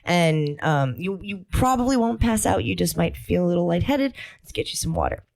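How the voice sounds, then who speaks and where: A young adult woman talks casually as a podcast co-host, her voice sitting a little low. She rambles and giggles through her points. She is close to a studio mic. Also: sing-song, moderate pace, gravelly, darkish tone. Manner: giggly and rambling, laughing often mid-sentence. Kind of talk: casual chat.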